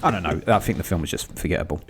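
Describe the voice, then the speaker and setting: A man's voice: low-pitched, animated, rapid-fire, background noise. A man co-hosting a podcast, chatting casually and teasing his co-host. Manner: teasing, jokey. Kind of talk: casual chat.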